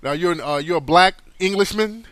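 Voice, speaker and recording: A man hosting a call-in radio show, talking casually and giving drawn-out advice with many pauses and ums. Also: high-pitched, a bit bright, dry recording. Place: studio.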